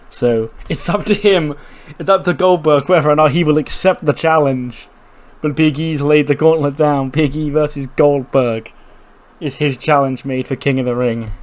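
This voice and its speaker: A man giving casual, chatty commentary on a game playthrough, quickly acting out the characters. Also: medium pitch.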